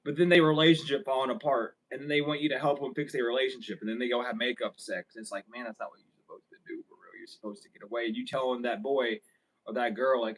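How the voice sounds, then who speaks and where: A man's voice: mid-range voice, fairly even intonation, fast talker, poor audio. A young man vlogging a casual story. He rambles, swears freely and laughs often as he talks.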